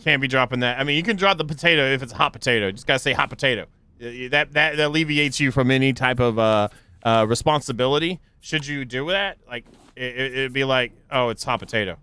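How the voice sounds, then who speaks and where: Bright-voiced rambling young male streamer. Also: fast, clear, resonant tone, no room sound. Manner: rambling, stammering restarts, sudden high excited yelps. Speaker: game streamer. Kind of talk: casual live gameplay commentary.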